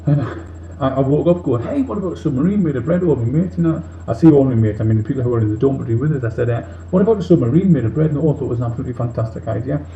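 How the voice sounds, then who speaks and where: Man putting on a tipsy robot leader, very dark heavy voice, rambling with lots of fillers, quick talker. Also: mid-range voice, natural voice. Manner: rambling, drifting off on tangents with many fillers. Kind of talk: comic monologue in character. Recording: muffled, roomy, faint hiss.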